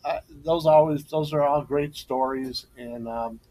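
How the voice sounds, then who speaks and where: A man's voice: a little high, steady tone, unhurried, dark tone, poor audio. A middle-aged man, co-host and former coach, telling stories in a casual podcast chat, laughing often and turning emotional in a tribute.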